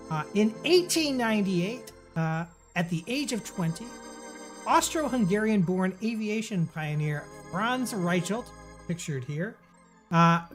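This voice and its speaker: A playful, theatrical host running comedic game show banter. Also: mid-range voice. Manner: playful, theatrical, lots of fillers.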